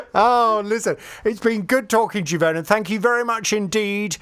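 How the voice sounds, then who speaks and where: A man's voice: sits high, noisy background. A male radio presenter chatting casually with a phone guest in a jovial, teasing way.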